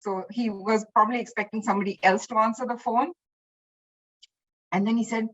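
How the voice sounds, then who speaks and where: A woman guest chatting about memories of her teacher, animated and full of restarts. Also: fairly high pitch, a little fast, long pauses, muffled recording. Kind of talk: casual spoken reminiscence.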